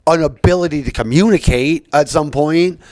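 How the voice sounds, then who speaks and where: A man's voice: fairly high pitch, normal speed, a little mellow, no room sound. Podcast host, man, rambling profane rant, dry close sound. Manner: rambling, profane, frequent fillers. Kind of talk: casual rant.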